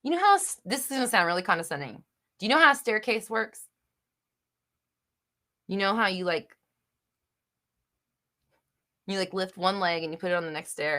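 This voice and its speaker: A young woman hosting a live chat, reading viewer questions and answering bluntly, with swearing and bursts of loud exasperation. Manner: blunt, swears, swings between low murmur and loud exasperation.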